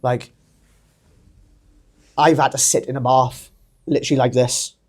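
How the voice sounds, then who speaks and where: A man's voice: mid-range voice, a little slow. Chatty welsh man telling a story. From Wales. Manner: animated, laughs often, acts out quoted voices. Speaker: podcast guest, pro wrestler. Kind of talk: casual storytelling interview.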